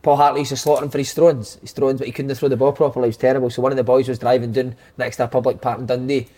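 A man's voice: medium pitch, little pitch movement, very fast, warm tone. A Scottish man hosting a casual football chat, telling stories and joking with his guests. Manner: banter-heavy, laughing storyteller. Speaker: podcast host.

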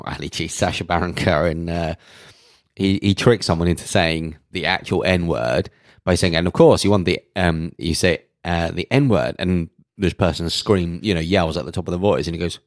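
A podcast co-host speaks in a very low voice and often hesitates or restarts. The sound is dry and close, in casual chat. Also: male voice, normal speed, no echo.

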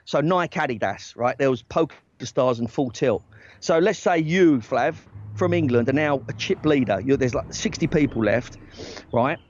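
A man who works as a talent agent, telling a story in casual chat, animated and rapid-fire, often checking in with "right?". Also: mid-range voice, muffled recording.

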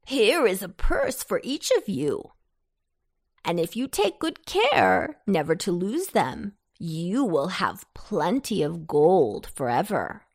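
A woman's voice: fairly low pitch, big pitch swings, takes it slowly, breathy edge, full character voice. Woman playing a lordly storybook pumpkin, courtly, full of himself. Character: grand, lordly talking pumpkin.

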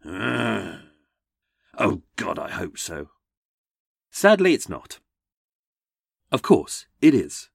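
A man's voice: low-pitched, wildly swooping pitch, slow pace, vocal fry, pauses often, husky, no echo, studio quality. A man hosting a comedic true-crime podcast, sardonic with jokey asides. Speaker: podcast host.

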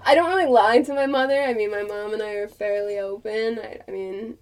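A woman's voice: medium pitch, brisk, distant mic. A young woman from Boston with a light Boston accent, co-hosting a podcast in casual chat, laughing often and swearing freely. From Boston area. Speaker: podcast co-host.

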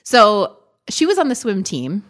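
A woman's voice: medium pitch, unhurried. A woman co-hosting a podcast, telling stories in casual chat, laughing often and acting out what others said. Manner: animated storyteller, laughs often and acts out quotes. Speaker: podcast co-host.

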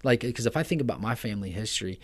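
A man's voice: on the low side, lively intonation, rapid-fire. A man speaks as a pastor guesting on a podcast. He talks earnestly and with emphasis, padding his lines with "man" and "you know." The sound is of a small studio. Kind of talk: casual testimony in a podcast interview.

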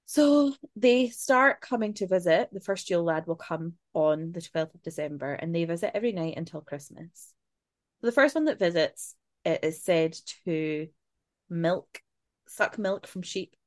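Lowish in pitch, with lively intonation and a measured pace, her voice comes through with no room sound. She's a podcast co-host from Scotland, chatting casually and swearing freely through spooky folklore, punctuated by laughing asides.

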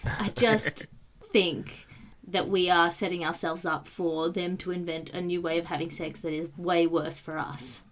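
Female host with a lower voice, dry and punny, running comedy news. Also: fairly even intonation, unhurried, background noise. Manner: wry, punny delivery. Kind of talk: comedic news segment hosting.

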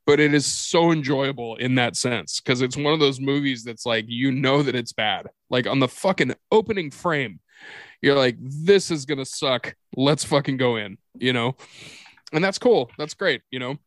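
A man's voice: medium pitch, normal speed, fairly bright tone, no room sound. A man co-hosting a podcast in casual chat, laughing often and swearing as he tells stories. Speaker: podcast co-host.

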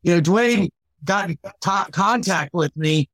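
A man's voice: high voice, expressive, unhurried, a bit bright, dry recording. A man, a comedian guest on a podcast, chatting casually with a rambling, laugh-prone manner. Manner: laughs often, rambling with fillers. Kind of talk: casual chat.

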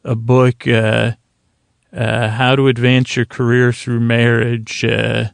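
Male podcast host, gravelly and dry-miked, rambling recap with many ums. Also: medium pitch, flat delivery, takes it slowly, no echo. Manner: rambling, hesitant, lots of fillers. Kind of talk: casual episode recap.

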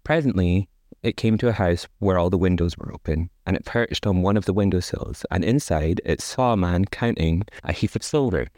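A man reading an old folk tale aloud for a podcast, stopping often for wry, chuckling commentary. His voice sits low, and the recording is dry and close with no room sound. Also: brisk, darkish tone, no room sound. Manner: wry, chuckling, chatty asides. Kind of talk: casual storytelling with joking asides.

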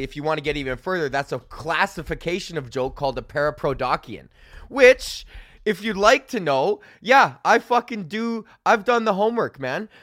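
A young man rants through a casual podcast monologue, swearing freely and wandering between thoughts with plenty of fillers. His voice sits a little high for a man. The studio mic on its stand gives a close, dry sound with no room around it. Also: a bit bright, no echo. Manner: profane, loose and rambling, drawn-out fillers. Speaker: podcast host and stand-up comedian.

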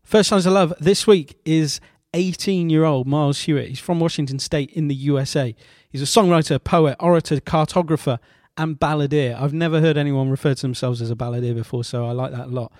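Halting man hosting a show. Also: fairly high pitch, darkish tone, no echo, clean studio sound. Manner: halting, many fillers and restarts, wry asides. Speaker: radio show host. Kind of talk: casual show presenting.

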